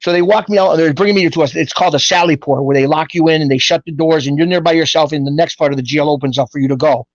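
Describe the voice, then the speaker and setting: A middle-aged man tells stories from his life in a casual, animated way and acts out the voices of people he quotes. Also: on the high side, racing, hardly any pauses, dry recording, highs cut off. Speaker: guest telling his life story. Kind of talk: casual storytelling.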